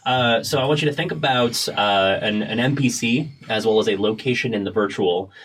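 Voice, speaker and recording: A low-pitched man leads a tabletop world-building session as game master, musing aloud, pausing often and circling back with fillers. A faint hiss sits under his voice. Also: fairly bright tone. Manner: rambling, hesitant, many fillers.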